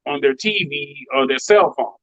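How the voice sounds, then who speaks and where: A man's voice: a little high, moderate pace, no echo. A male DJ and producer from Chicago, chatting in a casual interview and acting out the voices of the people in his stories. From Chicago, United States. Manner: animated, acts out quoted voices. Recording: dry, dull lo-fi sound.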